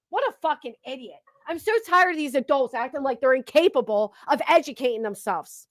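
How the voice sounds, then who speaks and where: A woman's voice: high voice, animated, a little fast, hardly any pauses, no echo. A woman hosting reaction commentary, cursing and ranting with sarcasm. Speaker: commentary channel host.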